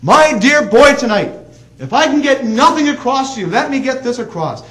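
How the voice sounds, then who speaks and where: A man preaching a sermon, swinging between emphatic calls and hushed, soft passages. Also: very high voice, very animated, moderate pace, poor audio.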